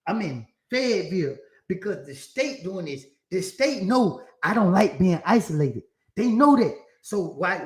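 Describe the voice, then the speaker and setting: A man's voice: high-pitched, fairly bright tone, roomy sound. A man telling a long story about praying in jail, acting out his talks with God in a preachy, emphatic way. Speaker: commentator in a played clip. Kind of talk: storytelling monologue.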